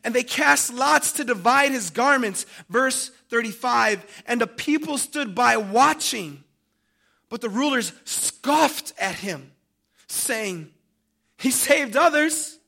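A man preaching a sermon, dramatic, swinging from loud emphasis to hushed tones and calling his listeners family. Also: very high-pitched, expressive, slow, gravelly.

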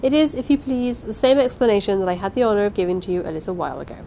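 A woman's voice: medium pitch, very fast, mellow, slight background noise, lightly acted. A woman reading aloud and voicing a small, polite older foreign man who answers with dignified courtesy. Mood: polite firm. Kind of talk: audiobook reading.

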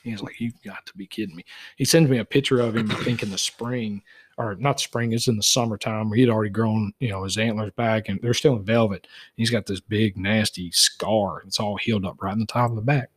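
A man's voice: fairly low pitch, fairly even intonation, fairly quick, slightly rough. A man, a guest deer tracker telling a folksy story and acting out both sides of phone calls. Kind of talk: casual storytelling.

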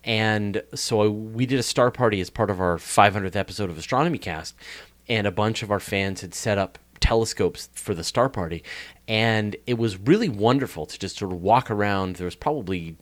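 A man's voice: on the low side, normal speed. A man with a Canadian accent, an astronomy podcast host, answering interview questions in an enthusiastic, rambling way with many restarts.

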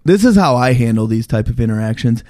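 A man's voice: mid-range voice, animated, fast talker, mellow, no echo, studio quality. A man co-hosting a podcast in a joking, teasing casual chat. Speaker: podcast co-host.

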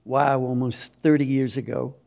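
A man's voice: medium pitch, level tone, normal speed, creaky, darkish tone. A man in his fifties from Minnesota, a missionary giving an earnest, self-deprecating personal testimony. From Minnesota, USA. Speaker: missionary speaker.

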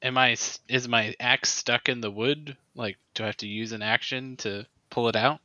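A man with a bright, forward voice playing in a casual tabletop game. He is eager, tallies his rolls aloud and grumbles in mock exasperation when they go badly. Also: mid-range voice, steady tone, moderate pace. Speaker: player.

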